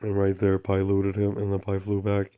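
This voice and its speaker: A man's voice: deep voice, completely flat delivery, moderate pace, smooth. A man hosting his own channel, telling a rambling spiritual story in broken grammar and repeating affirmations like a chant. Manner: drops to soft unvoiced murmurs at times. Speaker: channel host.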